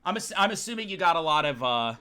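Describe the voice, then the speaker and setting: A man hosting a casual stream chat, rambling dramatically and acting out his chat in shouted voices. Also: fairly high pitch, very animated, fast, clean tone. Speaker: streamer host.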